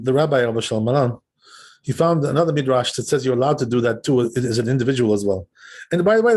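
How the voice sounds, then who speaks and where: A man with a fairly high pitch and darkish tone teaches a text class as a rabbi, reading and translating. He reads the passages aloud and unpacks them easily, pausing often to check in with the listeners.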